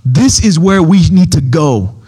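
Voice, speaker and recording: A man's voice: on the high side, animated, unhurried, mellow, breathy edge. A young adult man preaching a sermon, telling a story in a casual way and acting out the voices of the people in it. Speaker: pastor.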